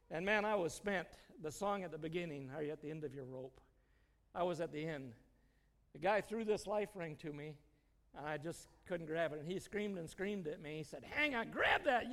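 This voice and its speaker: A man's voice: a little high, moderate pace, long reverb tail. A middle-aged man giving an informal sermon, telling personal stories in a folksy way and chuckling often. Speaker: church speaker.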